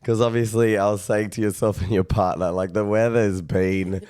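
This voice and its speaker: Aussie male podcast host, hoarse, smooth low-set voice, loose joking interviewer. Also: steady tone, moderate pace, a little mellow. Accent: Australian. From Australia. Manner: rambling, self-correcting, jokey. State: hoarse, cracking voice. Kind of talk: casual interview chat.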